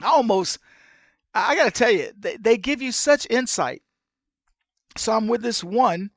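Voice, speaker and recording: A middle-aged man hosting an opinion commentary show, telling stories in an animated way and acting out the people he quotes. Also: extremely high pitch, measured pace, no echo. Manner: animated storyteller who acts out the people he quotes. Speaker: podcast host.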